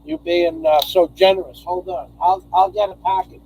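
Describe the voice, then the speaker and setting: A man hosting a casual live stream from home, rambling as he reads out viewer names and thanks donors, his voice hoarse from singing. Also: high voice, steady tone, moderate pace, a little mellow, slight background noise, poor audio. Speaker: livestream host.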